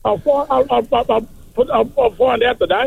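A man calling in to a radio show, laconic and halting, stumbling over his words. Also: very high-pitched, gravelly, breathy edge, narrow, tinny audio. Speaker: caller. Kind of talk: call-in chat.

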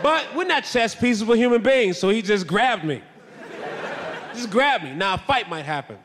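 A young adult man doing stand-up, telling self-mocking stories loudly and acting out voices. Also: sits high, normal speed, crowd noise, noisy background. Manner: loud, animated, self-mocking, acts out voices. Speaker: stand-up comedian. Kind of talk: stand-up storytelling. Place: stage in a large hall. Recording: live hall with long reverb.

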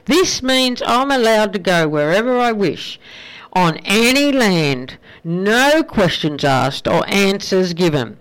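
A man voicing an arrogant, bullying male drug enforcement agent who shouts his authority. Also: high voice, very animated, slow pace, clean tone, heavily acted, poor audio. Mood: blustering.

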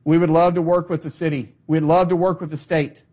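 A man's voice: on the high side, level tone, a little fast, dark tone. A man making emphatic, insistent remarks as a government spokesman. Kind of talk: press remarks.

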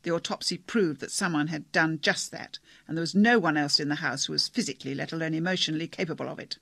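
A man's voice: fairly high pitch, fast, gravelly, bright, forceful tone, breathy edge, dry recording, heavily acted. Man reading as a pompous doctor. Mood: angry. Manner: declamatory, speechifying. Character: pompous stern older male doctor.

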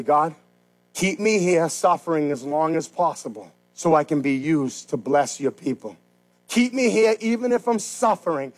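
Impassioned high-voiced preaching man. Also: rough recording. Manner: swings from quiet and intimate to loud, shouted emphasis; self-deprecating jokes between passionate preaching. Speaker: pastor; pastor of the church. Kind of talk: sermon.

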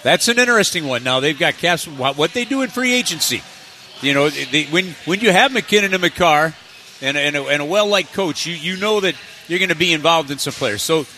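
A man's voice: fairly high pitch, fairly quick, slight background noise. A man co-hosting a hockey broadcast from an arena event, making emphatic points in casual talk. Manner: animated, emphatic, laughs easily.

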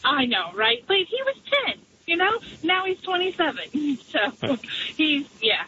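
A woman's voice: high voice, sing-song, measured pace. Chatty woman caller on a noisy line. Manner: chatty, hesitant with ums. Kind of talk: phoned-in radio chat. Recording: muffled noisy radio line.

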